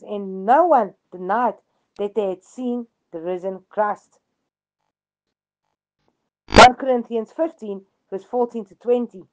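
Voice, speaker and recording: A woman's voice: on the high side, lo-fi sound. A woman giving a devotional radio reading, telling a story earnestly with emphatic repetition.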